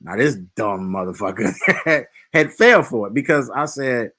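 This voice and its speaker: A man's voice: mid-range voice, lively intonation, moderate pace, sharp tone. A man, hosting a casual podcast chat and telling stories loosely, swearing freely. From Detroit, USA. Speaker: podcast host.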